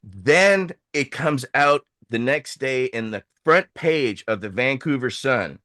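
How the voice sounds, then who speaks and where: Guy telling a wild story on a podcast, swears a lot, jumps up and down in pitch doing everyone's voices, dry close sound. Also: slow pace, no echo. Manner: animated, profane, acts out quoted voices. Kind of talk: casual storytelling chat.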